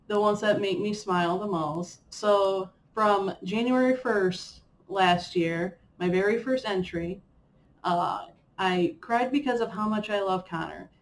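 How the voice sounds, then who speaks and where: A woman's voice: medium pitch, slight background noise. A young woman vlogging in a chatty, rambling way with fillers and playful self-mockery. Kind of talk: casual chat reviewing a personal year.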